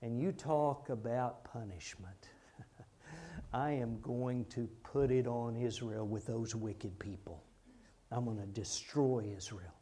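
A man voicing God as a calm, stern figure who answers a prophet in a low, measured way. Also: husky.

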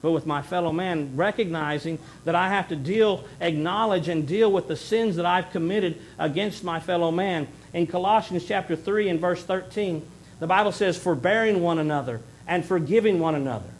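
A middle-aged man preaching a sermon in earnest, rising to loud emphasis and then dropping to a hushed plea. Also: high voice, normal speed, a little hiss or hum, rough recording. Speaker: pastor.

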